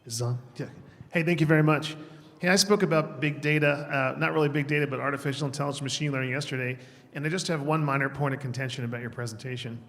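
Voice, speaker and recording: A man's voice: medium pitch, steady tone, fast, fairly bright tone. A man with a mid-range voice challenges the speaker from the audience mic, courteous but firm, and corrects himself mid-sentence. The long reverb of a big conference hall surrounds him. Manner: polite but argumentative, self-correcting. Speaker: audience member asking a question.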